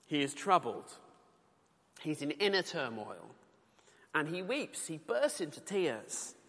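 A man's voice: on the high side, big pitch swings, slow, gravelly, fairly bright tone. A British man preaching a sermon, earnest and conversational, with colloquial asides while reading scripture. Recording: long reverb of a large hall.

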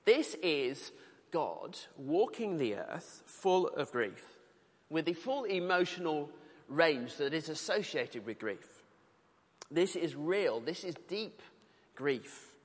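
A man's voice: fairly high pitch, very animated, takes it slowly, husky. British guy preaching, voice swings up and down a lot, chatty and earnest. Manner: earnest, conversational preaching with colloquial asides. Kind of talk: sermon. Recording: long reverb of a large hall.

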